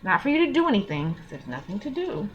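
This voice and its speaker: A woman's voice: mid-range voice, big pitch swings, fast, lo-fi sound, slight background noise. A woman giving frank, earnest parenting advice in a casual vlog, talking in slang and openly emotional.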